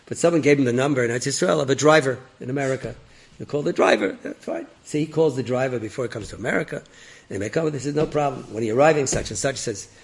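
Gravelly man telling a lively story. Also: medium pitch. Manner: lively, acts out characters with rising excited voices and laughs. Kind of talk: animated oral storytelling.

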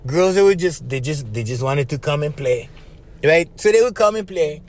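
A man with a Hawaiian Pidgin English accent, hosting a podcast and telling stories in a loose, animated way that is full of laughs. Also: fairly high pitch, moderate pace. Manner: animated, laughing often, acts out voices, says "right?" after phrases. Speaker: podcast host. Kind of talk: casual storytelling monologue.

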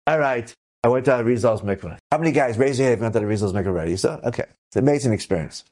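A man spins a story for a room full of listeners, his voice sitting at an ordinary middle pitch. He talks in a loose, conversational way and jumps into the voices of the people in the tale. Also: very fast. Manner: lively, conversational, acts out the people he quotes. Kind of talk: live storytelling to an audience.

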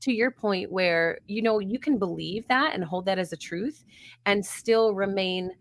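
A woman with a mid-range voice talks unhurriedly about grief support as a guest in a reflective conversational interview. She's earnest and thoughtful, laughing now and then.

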